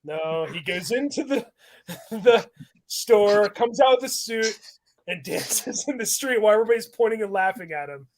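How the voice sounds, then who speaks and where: A man's voice: sits high, expressive, moderate pace, a little hiss or hum. A man hosting a casual podcast, rambling animatedly about films and laughing often as he talks. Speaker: podcast host.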